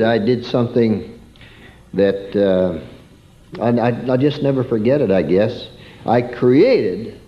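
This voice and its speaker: A man's voice: medium pitch, muffled recording. A man preaching a sermon through a homespun childhood story, turning to ask his listeners questions.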